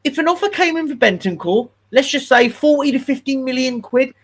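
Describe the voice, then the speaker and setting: A man, co-hosting a casual football chat, animated and repeating his words as he gets going. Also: very high voice, brisk. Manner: animated, repeats words when getting started. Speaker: co-host.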